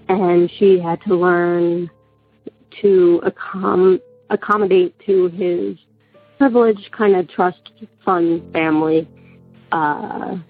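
Sick woman, raspy on a phone line. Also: on the low side. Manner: steady, hesitant storytelling with fillers. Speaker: caller. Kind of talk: telling a personal story by phone.

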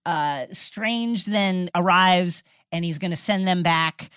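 A woman with a low-pitched voice walks through a film's plot in an easygoing conversation. She tells it with lively energy and frequent restarts. The recording is dry and close. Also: slow pace, smooth, dry recording. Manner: animated storytelling, many restarts. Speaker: podcast co-host recapping a film. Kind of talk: casual chat.

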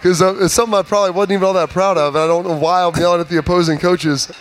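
A man in his thirties, a former player, telling stories in an animated, emphatic way during a casual sports chat. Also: high voice, very fast, soft background music.

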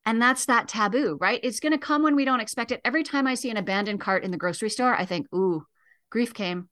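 A woman grief educator, a guest on a radio talk show, explaining things in a calm, earnest way. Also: on the high side, fast talker. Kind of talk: radio interview.

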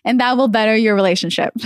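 A woman hosting a podcast in casual conversation. She talks in a chatty, relaxed way with plenty of "like.". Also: on the high side, fairly quick, no room sound. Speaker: podcast host.

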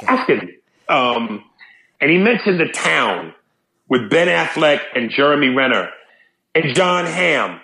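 Gravelly, cursing podcast host. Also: male voice, on the high side, slow pace, pauses often, roomy sound. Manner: profane, animated, rambling. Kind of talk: casual chat.

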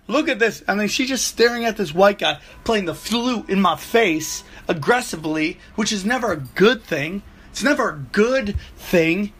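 A man's voice: high voice, breathy edge. A man hosting a show, telling crude, rambling comic stories with lots of swearing. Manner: profane, rambling, animated storyteller. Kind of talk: comedic rambling monologue.

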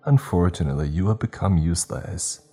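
A man's voice: sits low, fairly quick, mellow, breathy edge, faint music behind. A man doing a cold, scowling woman official. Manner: curt, disdainful.

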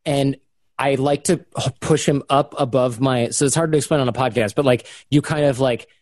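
Dry-voiced man telling a lively story. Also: medium pitch, normal speed, no room sound. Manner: animated, acts out quotes in his story. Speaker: podcast guest. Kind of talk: casual storytelling.

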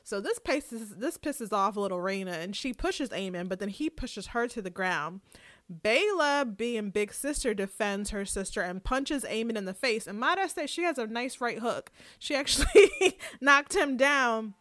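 A woman casually recapping a TV episode for a podcast, animated and laughing often as she tells it. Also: a little high, moderate pace, no echo, studio quality. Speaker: podcast co-host.

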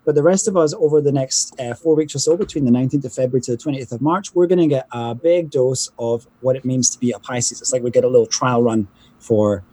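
A man's voice: mid-range voice, fast, mellow, breathy edge, no echo. A man talking casually as a podcast guest, chatty and often laughing. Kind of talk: casual chat.

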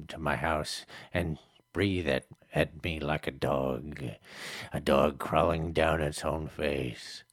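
A man's voice: very deep voice, fairly bright tone, no room sound, studio quality, exaggerated voice. A man playing a rambling, stammering eccentric leaving a long voicemail in an improvised comedy bit. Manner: stammering, rambling, acts out the people at doors.

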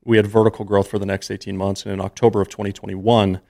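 A man's voice: lowish voice, level tone, quick pace, gravelly, warm tone. A man in his thirties, a podcast guest, telling a personal story in an earnest, emotional, conversational way.

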